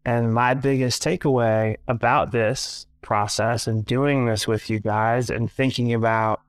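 Earnest man with a flat, smooth voice. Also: medium pitch, unhurried, no echo, studio quality. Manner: earnest, grateful. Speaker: podcast guest. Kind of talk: casual conversational interview.

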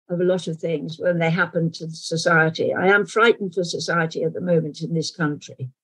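A woman in her eighties from England, with a London accent softened toward received pronunciation, speaking frankly and wryly in an interview. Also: fairly low pitch, low-quality recording. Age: 80s. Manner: frank, wry, measured storytelling. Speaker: actress guest. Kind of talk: reflective interview conversation.

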